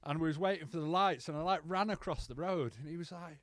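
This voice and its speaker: Young guy, lively storyteller, slightly high voice, dry close sound. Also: fast talker, dry recording. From England. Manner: animated storyteller, swears freely, acts out quotes. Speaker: guest telling his story. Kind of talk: casual podcast chat.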